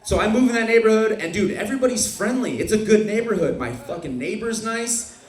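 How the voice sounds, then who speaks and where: Young male stand-up, brash and profane, higher voice, roomy club sound. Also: animated, a little fast. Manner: brash, profane, rambling storytelling. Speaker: stand-up comic. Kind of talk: stand-up comedy set. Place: comedy club stage. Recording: echoey club room.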